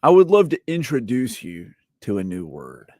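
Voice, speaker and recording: A man's voice: medium pitch, wildly swooping pitch, normal speed, mellow, dry recording, clean studio sound. A man hosting a casual gaming chat, joking around and playful. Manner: playful, jokey, puts on accents. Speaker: podcast host.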